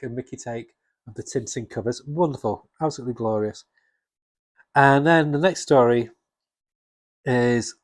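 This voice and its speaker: A man with a husky voice chatting casually and enthusiastically about comics, rambling with restarts. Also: mid-range voice, dry recording. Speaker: comics vlogger. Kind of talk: casual chat.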